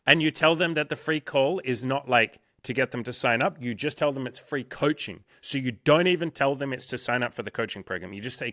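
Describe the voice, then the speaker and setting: A dating and life coach talks in a casual podcast conversation, swearing a lot and emphatically acting out sales calls in quoted voices. He's a fast talker with a medium pitch and a pushed, bright tone. The sound is clean studio audio with no room sound.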